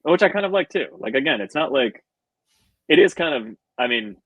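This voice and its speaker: A man talking comics on a podcast in a husky, slightly breathy voice, laughing easily and slipping into quick put-on voices as he retells scenes. The sound is dry and close, with no room around him. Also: medium pitch, dry recording, low-quality recording. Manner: animated, laughs often, acts out quotes. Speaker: podcast co-host. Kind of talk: casual comic book discussion.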